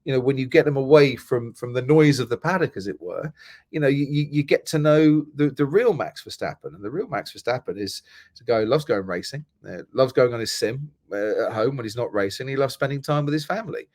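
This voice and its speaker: A man's voice: medium pitch, lively intonation, fairly quick, darkish tone, dry recording, clean studio sound. A middle-aged man from England, a motorsport commentator chatting as a guest and telling stories with many restarts. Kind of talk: casual podcast chat.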